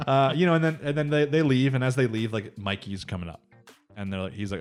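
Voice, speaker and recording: Fast-talking man recapping an anime. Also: on the low side, faint music behind. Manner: animated retelling, acts out characters' lines; frequent swearing and laughing. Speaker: podcast co-host. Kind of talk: casual anime recap chat.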